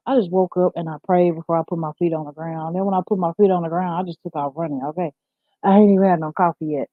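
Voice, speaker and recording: A woman's voice: on the low side, fairly even intonation, fast, no echo. A woman in her thirties hosting a casual morning livestream, upbeat and chatty, reading viewer comments aloud and talking straight to them. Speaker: livestream host. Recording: tinny phone-like sound.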